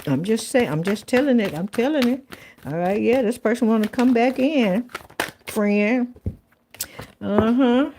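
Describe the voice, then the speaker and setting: A woman's voice: on the high side, unhurried, long pauses, mellow, slight background noise. A woman giving a casual tarot reading to viewers, chatty and blunt. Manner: chatty, blunt, swears, colloquial, repeats phrases. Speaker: tarot reader.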